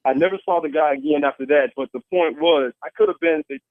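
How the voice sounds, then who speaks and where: Man, earnest storyteller, fairly high voice, tinny phone line, dry sound. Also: quick pace, dry recording. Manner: earnest storytelling with restarts and acted quotes. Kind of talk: personal story told on a call-in show.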